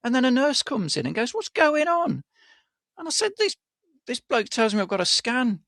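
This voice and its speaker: A man's voice: very high-pitched, big pitch swings, fairly quick, creaky, fairly bright tone, no echo, clean studio sound. A man co-hosting a casual podcast chat, rambling through stories and acting out the voices of the people in them. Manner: rambling storyteller, acts out quoted voices, laughs often. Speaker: podcast co-host.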